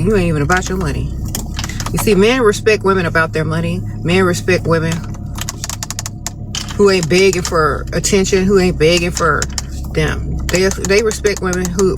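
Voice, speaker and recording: A woman's voice: on the low side, fairly quick, noisy background. A woman hosting a casual livestream, giving blunt, sassy relationship advice in a lecturing tone.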